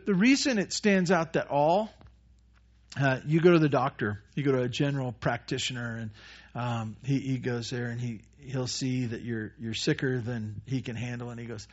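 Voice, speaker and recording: A man preaching a conversational sermon as pastor, with many restarts and quick acted-out asides. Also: on the high side. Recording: dull lo-fi church recording.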